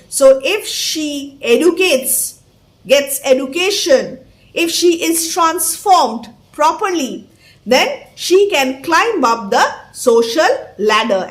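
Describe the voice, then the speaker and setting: A woman's voice: high voice, fairly bright tone. A woman teacher reads a play aloud line by line, stopping to gloss words and explain each passage in simple terms. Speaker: English teacher. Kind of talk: line-by-line literature lesson.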